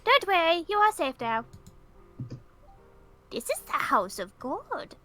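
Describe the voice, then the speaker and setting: Woman doing a soothing church caretaker, very high lively voice, unhurried. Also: exaggerated voice. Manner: soothing, reassuring. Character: gentle protective church caretaker. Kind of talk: reading a story game aloud in character.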